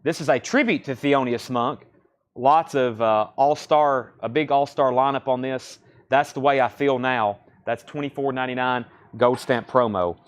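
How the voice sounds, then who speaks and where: A man hosting a live record sale, rattling off titles, prices and bidder names in a steady, brisk patter. His voice sits at an ordinary middle pitch for a man. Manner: brisk running auctioneer-style calls, reading bids and prices. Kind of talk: live-stream sales patter.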